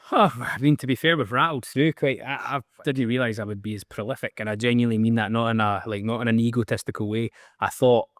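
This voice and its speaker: A man's voice: medium pitch, steady tone, fast, hardly any pauses, no echo, clean studio sound. A man with a Scottish accent, a band's songwriter, talking frankly and casually in an interview. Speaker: band songwriter.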